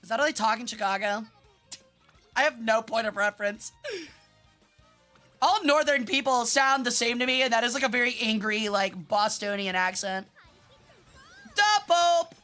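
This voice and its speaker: Bright, animated young woman streaming games. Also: on the high side, normal speed, pauses often, faint music behind. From Memphis, US South. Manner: animated, swears freely, laughs and shrieks. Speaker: vtuber streamer. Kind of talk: casual live-stream chat while gaming.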